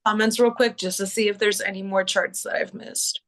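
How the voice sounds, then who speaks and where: A woman co-hosting a live stream, relaxed and supportive as she reads comments. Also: mid-range voice, moderate pace. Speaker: co-host. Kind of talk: casual live-stream chat.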